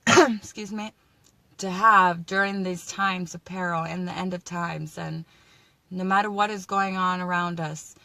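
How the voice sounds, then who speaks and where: Woman vlogger, warm encouraging preacher-style chat, chatty with restarts, crisp bright tone. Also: on the low side, no echo. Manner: chatty, encouraging, faith-filled, frequent restarts. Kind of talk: casual inspirational live chat.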